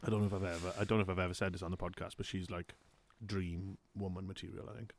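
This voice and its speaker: A man's voice: sits low, little pitch movement, rapid-fire, slight background noise. A young man co-hosting a podcast, chatting casually, swearing a lot and laughing often. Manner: sweary, laughing, bursts into singing snippets. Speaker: podcast co-host. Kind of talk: casual chat.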